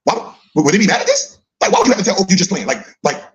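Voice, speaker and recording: A middle-aged man with a high, lively, bouncing voice mocks a play in casual commentary. He laughs a lot and keeps prodding with "huh?". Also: racing. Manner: teasing, laughs often, repeats "huh?". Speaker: podcast co-host reacting to clips.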